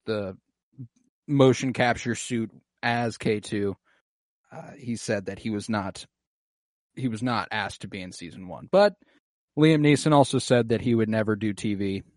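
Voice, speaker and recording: A man's voice: fairly low pitch, unhurried, a little mellow, no echo, studio quality. A young man casually recapping an episode on a podcast, acting out characters' lines in a raised voice. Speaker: podcast co-host recapping a TV series. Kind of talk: casual chat.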